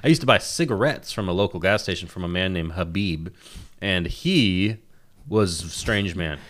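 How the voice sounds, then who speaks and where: A man's voice: sits low, moderate pace, a bit bright. A man co-hosting a podcast in casual chat, telling rambling jokey stories. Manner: joking, rambling storyteller. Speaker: podcast co-host.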